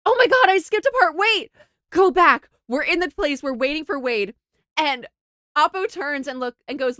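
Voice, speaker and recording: A young woman streamer telling a funny travel story to her chat, animated and giggly, with lots of laughing and filler words. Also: sits high, normal speed, no room sound, clean studio sound. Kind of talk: casual storytelling to a livestream chat.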